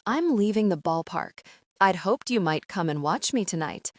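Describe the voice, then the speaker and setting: A woman's voice: fairly low pitch, animated, moderate pace, dry recording, studio quality, close to an everyday voice. A woman voicing a cocky, drawling ballplayer. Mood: flirty. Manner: teasing, lazy drawl.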